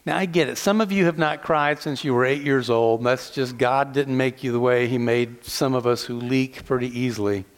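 A man's voice: medium pitch, steady tone, moderate pace, few pauses, in a large hall. A man from the southeastern United States preaching a sermon to his congregation, mixing teasing asides with rhetorical questions. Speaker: pastor. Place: large church hall.

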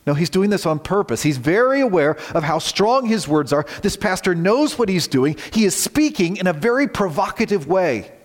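A man preaching a sermon as pastor, swinging from quiet, low lines to shouted warnings. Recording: long reverb of a large hall.

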